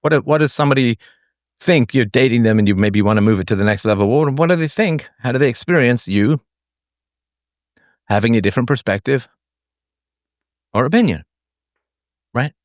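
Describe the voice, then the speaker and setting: Long pauses break up this middle-aged host's casual talk as he runs a live call-in show from an online audio space. At normal speed and mid-range pitch, he animatedly acts out quoted voices and sings snatches, recorded at studio quality with no room sound.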